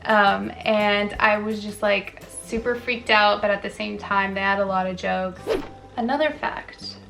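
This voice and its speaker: A young woman in a casual vlog chats about her life in a mid-pitched, everyday voice. She leans on fillers and trips over a word now and then before moving on. Faint music plays quietly under her talk. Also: fairly even intonation, unhurried, creaky. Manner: chatty, filler-heavy, self-correcting, frequent "like" and "um". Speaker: wellness vlogger. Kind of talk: casual chatty facts video.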